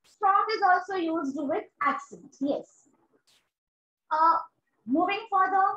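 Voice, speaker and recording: Indian lady teacher, very high voice, echoey room, kinda muffled, cheers students on. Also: takes it slowly, pushed and bright. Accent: Indian English. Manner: encouraging, repeats "very good" and "amazing". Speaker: English teacher. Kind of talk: online exam-prep class. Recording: roomy, dull lo-fi sound.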